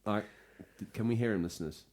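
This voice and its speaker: A man's voice: fairly low pitch, brisk, darkish tone. A man co-hosting a casual gaming podcast, teasing his co-host and slipping into hammy voice impressions. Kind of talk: jokey casual podcast chat.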